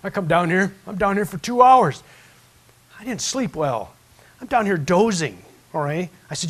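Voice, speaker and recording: A man's voice: high voice, animated, moderate pace. A pastor in a church, preaching in a loose conversational way and acting out the people in his stories. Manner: conversational storytelling, acts out voices in his stories. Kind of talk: sermon. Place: church sanctuary.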